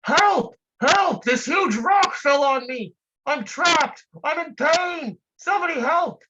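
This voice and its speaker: A performer yelling as a panicked trapped victim. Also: expressive, slow, noisy background. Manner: shrill desperate yelling. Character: panicked person trapped under a rock. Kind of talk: comic performance piece.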